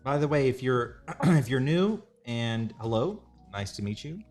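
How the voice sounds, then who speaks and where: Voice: medium pitch, lively intonation, a little slow. An artist hosting a drawing livestream, chatting casually with a laid-back, self-mocking manner and laughing easily. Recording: music playing behind.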